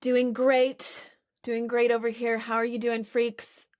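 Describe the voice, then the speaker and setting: A woman's voice: on the high side, little pitch movement, takes it slowly, darkish tone, no room sound, studio quality. A woman co-hosting a casual podcast with playful, giggly banter. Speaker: podcast co-host.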